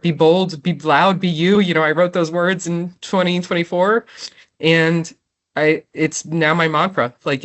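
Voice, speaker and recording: A woman in her thirties, a guest in an interview, talking from the heart and close to tears, with lots of "like" and "right?". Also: sits low. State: tearful. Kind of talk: emotional interview conversation.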